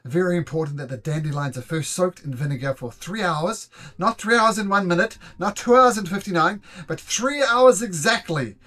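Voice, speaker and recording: A man's voice: high voice, expressive, moderate pace, few pauses, sharp tone, pitched above the performer's own voice. A man voicing a fussy, pedantic man behind a door who insists on every detail of a potion recipe. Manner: fussy, insistent, repeats orders.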